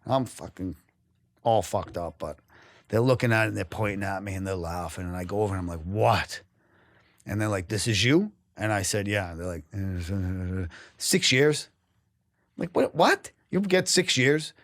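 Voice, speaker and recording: Man, podcast guest, from New England, somewhat low voice, dry sound, candid, emotional, profane. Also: moderate pace, dry recording. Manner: raw and emotional, swears freely, breaks off and restarts. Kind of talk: candid storytelling in a podcast interview.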